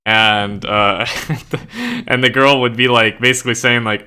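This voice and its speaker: A man's voice: fairly low pitch, normal speed, bright, forceful tone, clean tone. A young man chatting casually and rambling, with lots of "like" fillers and frequent laughter. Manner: laughs often. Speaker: streamer and author. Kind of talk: casual chat.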